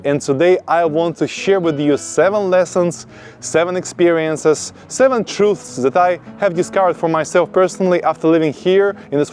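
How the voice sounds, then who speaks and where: Enthusiastic man vlogging with soft guitar music. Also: fairly high pitch. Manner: enthusiastic, emphatic, with rhetorical questions. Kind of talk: casual vlog monologue.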